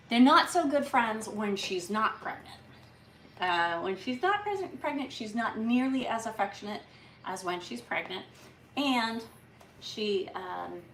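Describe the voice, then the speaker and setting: A woman's voice: mid-range voice, distant mic. A woman hosts a casual live stream, chatting in a rambling way with plenty of restarts. Her voice sounds roomy and comes from some way off the mic. A faint background hum runs underneath. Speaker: livestream host. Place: home on a farm.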